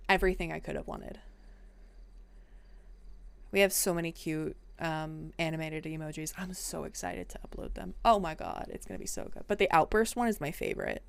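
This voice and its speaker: A young adult woman streaming, chatting casually and playfully to her viewers with sudden excited outbursts. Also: sits low, brisk, vocal fry, hardly any pauses, clear, resonant tone.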